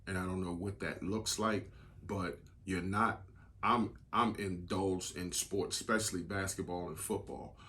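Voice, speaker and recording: Man, low voice, blunt, swears, emphatic bursts, podcast co-host. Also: steady tone, unhurried, sharp tone, slight background noise. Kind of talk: casual chat.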